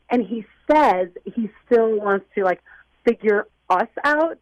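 A woman's voice: on the high side, lively intonation, a little slow, a little mellow, no echo, low-quality recording. Flustered young woman calling a radio show. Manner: flustered, rambling, full of "like". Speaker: caller. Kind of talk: call-in radio chat.

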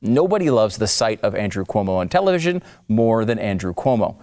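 Sarcastic male commentary host, lively pitch. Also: a little fast. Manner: mocking, sarcastic, emphatic swings.

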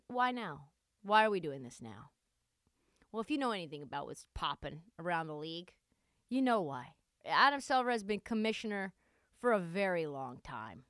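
A young woman hosting a solo sports podcast, talking in a sarcastic, animated, joking way. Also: on the high side, clear, resonant tone, dry recording, studio quality. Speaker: podcast host.

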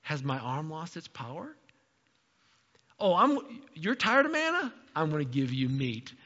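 A man's voice: fairly high pitch, sing-song, a little slow, sharp tone, long reverb tail, highs cut off, exaggerated voice. A man voicing God as an exasperated, indignant figure, incredulous and teasing.

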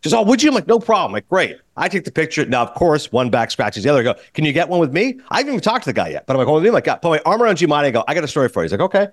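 Male podcast host, high-energy raconteur, voice a touch high. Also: no echo, clean studio sound. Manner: rapid, excitable, acts out quotes. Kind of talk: animated storytelling in casual chat.

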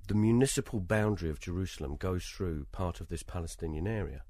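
Low husky British man telling stories. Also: fast talker, no echo. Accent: British English. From Britain. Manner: lively raconteur, acts out other people's lines. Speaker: interview guest, travelling performer. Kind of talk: conversational anecdotal storytelling.

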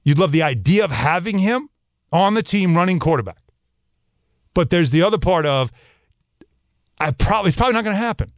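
Animated man in a sports talk rant. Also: high-pitched, brisk, pauses often, dry recording, studio quality. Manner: emphatic, animated, talks straight to listeners. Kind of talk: opinionated sports commentary monologue.

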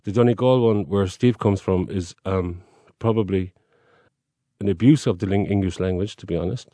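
A man's voice: sits low, moderate pace, dark tone, dry recording. A man with a Cork Irish accent who chats in a dry, teasing way. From Ireland. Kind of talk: casual chat.

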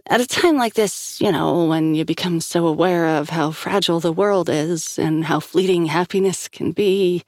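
A woman voicing a sharp, teasing young woman who is fond of him but impatient. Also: lowish voice, normal speed, hardly any pauses, dry recording, studio quality, lightly acted.

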